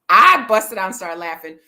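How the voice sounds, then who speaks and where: Bright-voiced woman telling a story. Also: lowish voice. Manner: animated storyteller, laughs often, talks to viewers as y'all. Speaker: travel vlogger. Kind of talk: casual storytelling vlog.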